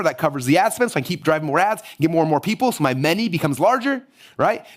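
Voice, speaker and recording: A man teaching a live online marketing workshop, energetic and hyped-up, his voice going hoarse. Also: fairly high pitch. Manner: energetic, hyped-up, rapid-fire. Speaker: marketing course instructor.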